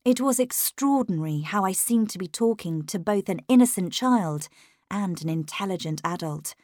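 A woman narrating a first-person story in a measured, unhurried storytelling manner. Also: mid-range voice, animated, a little mellow, dry recording, studio quality. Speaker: audiobook narrator.

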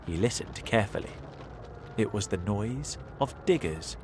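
A man reading a children's storybook aloud in an expressive manner. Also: on the low side, unhurried, slight background noise. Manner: animated, expressive read-aloud delivery. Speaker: narrator.

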